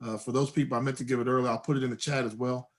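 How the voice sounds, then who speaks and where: A man co-hosting an online community meeting as a state delegate, talking in halting bursts with many restarts, over a video call. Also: mid-range voice, steady tone.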